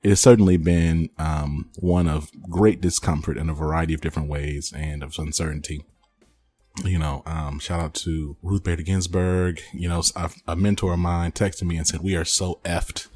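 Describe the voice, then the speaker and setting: A man's voice: low-pitched, level tone, moderate pace, darkish tone, faint music behind. A man hosting a podcast, chatting casually and teasing his co-host with frequent laughs. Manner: playful, teasing, laughs often.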